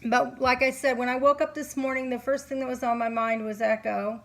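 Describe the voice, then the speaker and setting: Middle-aged woman, sleepy psychic reader at home; earnest, halting delivery, a touch high. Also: steady tone, low-quality recording. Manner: earnest, halting, many fillers. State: sleepy, yawning. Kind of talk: casual monologue to camera. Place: home, candles lit.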